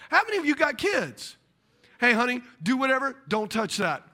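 A middle-aged man preaching a sermon, animated and acting out voices of the people in his stories. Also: extremely high pitch, normal speed. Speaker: pastor.

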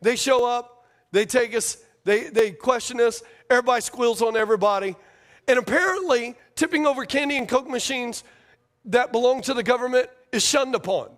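A male pastor preaching a sermon to his congregation, talking casually, repeating phrases, asking questions, and building to near shouts. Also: very high-pitched, normal speed. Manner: rises to near shouting at climaxes, drops to hushed tones in prayer.

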